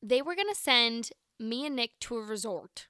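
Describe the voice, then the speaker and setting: Bright-voiced chatty nineteen-year-old woman. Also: on the high side, normal speed, smooth, dry recording, clean studio sound. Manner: chatty, animated, lots of "like" and quoted dialogue. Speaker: podcast host. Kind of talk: casual storytelling.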